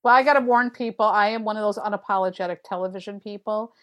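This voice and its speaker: A woman's voice: mid-range voice, fast talker. A middle-aged woman, a tarot reader, chatting casually on a podcast and acting out her own remarks as she tells stories. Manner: animated storyteller, acts out her own quotes.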